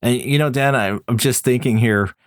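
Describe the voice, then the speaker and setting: Canadian man as podcast host, mid-pitched, thoughtful long questions, dry close sound. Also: moderate pace, no echo. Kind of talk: conversational interview.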